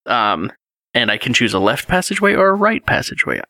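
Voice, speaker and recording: A man's voice: mid-range voice, huge pitch swings, brisk, pushed and bright, no room sound. A man in his thirties, co-hosting a casual chat and animatedly retelling a gamebook read with his child, reading passages aloud with chuckles. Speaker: podcast co-host.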